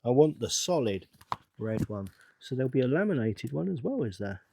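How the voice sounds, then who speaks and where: Working at a table, a middle-aged man who hosts a channel chats away to himself about the build, rambling and occasionally bursting with excitement. He speaks at a moderate pace in an ordinary middle pitch, gravelly with a breathy edge, captured in a dry, close recording free of room sound.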